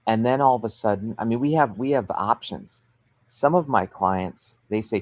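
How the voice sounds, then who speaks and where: A man hosting a livestream, giving business advice in an energetic, emphatic and persuasive coaching manner. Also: lowish voice, normal speed, no room sound. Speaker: author coach and show host.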